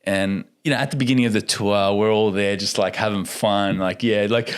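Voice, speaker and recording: A young man, a podcast guest, telling a story in a casual and animated way, laughing often and acting out what people said. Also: fairly low pitch, fairly quick, hardly any pauses.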